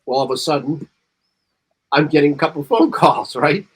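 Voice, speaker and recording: A man's voice: fairly high pitch, lively intonation, fairly quick, slightly rough. A man on a marketing panel talking casually and rambling, reading bits of ad copy aloud with extra emphasis. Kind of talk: casual chat.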